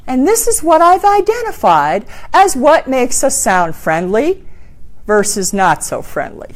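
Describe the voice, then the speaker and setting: A middle-aged woman leading a workshop in a classroom, animated and acting out voices in her examples. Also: mid-range voice, unhurried. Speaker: speaking coach. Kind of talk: workshop talk.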